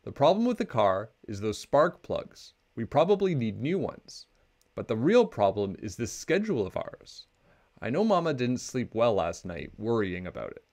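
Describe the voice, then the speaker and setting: A steady papa bear talks plainly and reassuringly, as a man reads him aloud. He sounds grounded and matter-of-fact in this picture-book reading. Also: mid-range voice, moderate pace. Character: calm, steady father bear.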